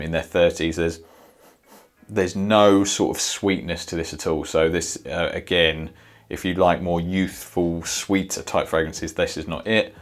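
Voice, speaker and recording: A man casually reviewing fragrances, thinking aloud with many fillers and reacting as he smells each one. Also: low voice. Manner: sniffs and reacts in the moment.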